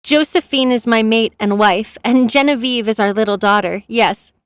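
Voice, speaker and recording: A woman's voice: on the high side, moderate pace, clean tone, no echo, close to an everyday voice. Woman doing a proud French werewolf chef. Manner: polite and proud, mixing French phrases. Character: proud French werewolf head chef, man in his thirties. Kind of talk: storybook reading.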